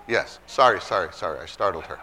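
A man's voice: low-pitched, animated, fast, bright, forceful tone, slight background noise. A man teaching from the Bible in a conversational way, asking the audience questions and acting out the characters' lines as he tells the stories.

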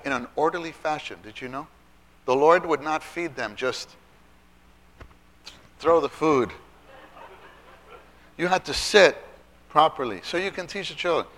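Speaking to people who work with children at church, a man gives an energetic Bible teaching talk. His voice runs somewhat high, and he emphasizes and repeats important phrases.

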